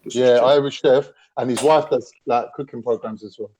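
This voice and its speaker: A man's voice: medium pitch, steady tone, normal speed, mellow, slight background noise. A man chatting casually on a live stream panel, eagerly asking the others questions.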